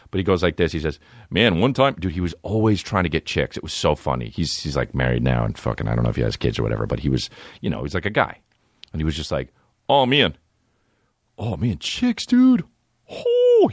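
A man's voice: sits low, no room sound, clean studio sound. A man in his thirties hosting a comedy podcast, telling stories with constant swearing and acting out other voices. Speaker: podcast host. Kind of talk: profane comedic storytelling.

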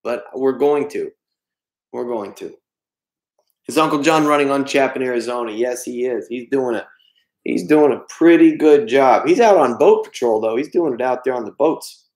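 With a darkish, mid-range voice at normal speed, this livestream host pokes fun at himself while responding to chat messages he reads aloud. The room around him is echoey.

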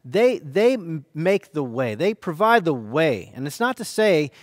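A man preaching a sermon as pastor, reading scripture dramatically with earnest, hushed and emphatic turns. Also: on the high side, very animated, measured pace, dry recording, studio quality.

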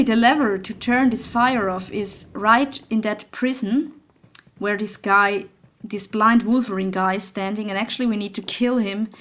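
A woman's voice: fairly high pitch, a bit bright. A young woman commenting on a horror game as she plays, easily startled, swearing and laughing nervously. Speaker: gaming channel host. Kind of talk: let's play commentary.

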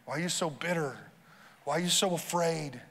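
A man preaching a sermon as pastor, energetic, with urgent appeals and calls for the congregation to respond. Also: fairly high pitch, moderate pace, vocal fry. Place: church auditorium. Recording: live sermon in a large reverberant hall with faint music.

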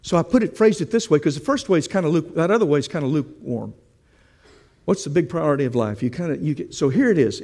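A man's voice: on the high side, lively intonation, quick pace, a little mellow, long reverb tail. A man preaching a sermon, telling a story and asking the congregation questions in a conversational way.

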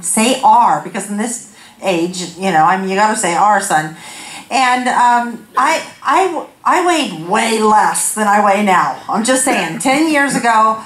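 High-voiced woman preaching in an echoey church. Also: a bit bright. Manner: candid, self-deprecating storytelling with laughs. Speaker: guest speaker. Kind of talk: humorous sermon. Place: church sanctuary. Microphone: handheld corded mic.

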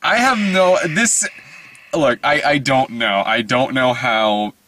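A man's voice: medium pitch, slow, background noise. A man hosting a casual movie review podcast, rambling and profane, laughing often as he talks.

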